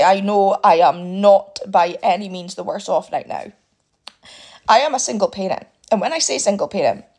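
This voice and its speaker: A woman's voice: mid-range voice, a little mellow, husky. A British woman, a single parent, venting to camera on a phone about bills, upset and clipping off her swear words. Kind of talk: emotional vent to camera.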